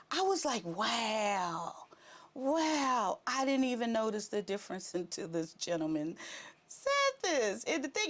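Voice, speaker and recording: Woman vlog host, middle-aged, casual storyteller; high, lively pitch, plays out her own lines. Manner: animated, laughing, acts out her own prayers.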